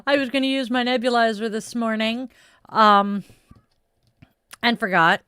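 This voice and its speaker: A woman's voice: fairly high pitch, measured pace, pushed and bright, smooth, dry recording, clean studio sound. A woman chatting casually with viewers on a stream, rambling and self-deprecating with frequent sighs. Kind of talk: casual live-stream chat.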